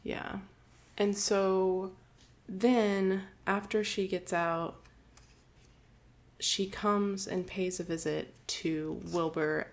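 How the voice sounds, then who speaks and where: Low gravelly woman chatting about a book on a podcast, giggly and loose. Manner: chatty retelling, quick giggles, lots of "like". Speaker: podcast co-host. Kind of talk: casual book discussion.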